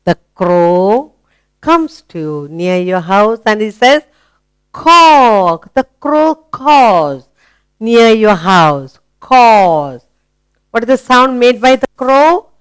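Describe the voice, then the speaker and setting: A woman teaching a children's phonics lesson, asking slow, patient questions and praising the answers. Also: on the high side, big pitch swings, clear, resonant tone, no echo.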